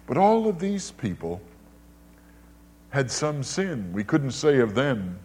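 An older man preaching a sermon in an emphatic way, with big rises and drops in pitch and loudness, often repeating his words. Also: very animated, takes it slowly, breathy edge.

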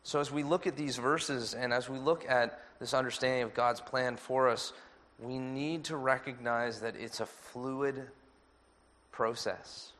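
A man preaching a sermon as pastor, measured and earnest. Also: medium pitch, steady tone, a bit bright.

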